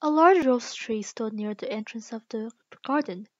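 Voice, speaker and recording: A woman reading a children's book aloud slowly and carefully, with small restarts. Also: fairly high pitch, darkish tone, no echo, lo-fi sound. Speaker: reader.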